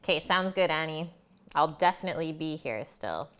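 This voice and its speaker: As she cooks in her kitchen on a live stream, a woman talks casually with her audience, addressing viewers by name. She speaks at normal speed in a low, expressive voice with a fairly bright, clean tone.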